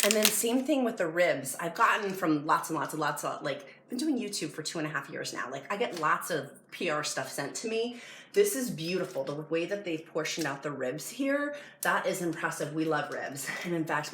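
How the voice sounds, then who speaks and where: A woman with a fairly low voice gushes excitedly through a casual unboxing at home. The room rings with echo, and a steady hiss of noise sits under her voice. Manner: gushing and excitable. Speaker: product review vlogger. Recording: echoey room with background noise.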